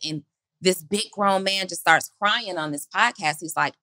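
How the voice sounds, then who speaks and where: A woman's voice: mid-range voice, moderate pace, bright, forceful tone, no echo. A woman co-hosting a podcast, talking earnestly about not quitting and repeating her questions for emphasis. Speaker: podcast co-host. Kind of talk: motivational podcast talk.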